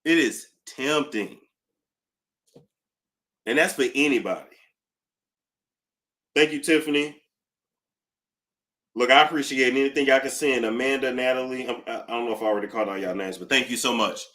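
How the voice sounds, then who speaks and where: Chatty male livestream host with a bright, forward voice; animated and talkative. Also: mid-range voice, normal speed, long pauses. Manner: animated, chatty, reading out donor thanks. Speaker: YouTube gossip host. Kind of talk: casual livestream chat.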